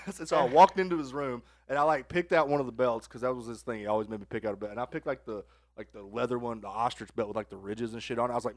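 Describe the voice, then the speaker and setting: A man's voice: medium pitch, fast, no echo, clean studio sound. A man co-hosting a podcast, telling a crude story in casual chat and laughing along the way. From Arkansas. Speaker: podcast co-host.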